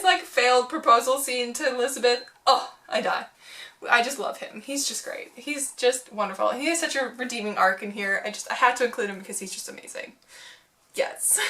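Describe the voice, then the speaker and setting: A woman's voice: on the high side, sharp tone, far from the mic. A young woman book vlogger chatting casually, gushing and giggly, with lots of "like" fillers. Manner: gushing and giggly, heavy use of "like". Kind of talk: casual chat.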